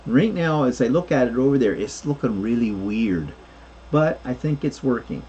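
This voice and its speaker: A man's voice: mid-range voice, animated, normal speed, warm tone, dull audio, slight background noise. A man co-hosting a casual crafting livestream, rambling through explanations of his 3D printing projects with plenty of fillers.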